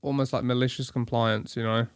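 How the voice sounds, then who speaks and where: A man's voice: mid-range voice, flat delivery, brisk, clean tone, dry recording. An Englishman co-hosting a podcast, chatting casually in a crude, joking, rambling way. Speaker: podcast co-host. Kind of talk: casual chat.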